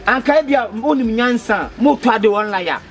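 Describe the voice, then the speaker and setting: A man's voice: very high-pitched, lively intonation, fairly quick, faint music behind, some chatter behind. A Ghanaian man with a Twi accent in a comedy skit, pleading and stammering with many repetitions. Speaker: comedy skit actor, fake motor rider.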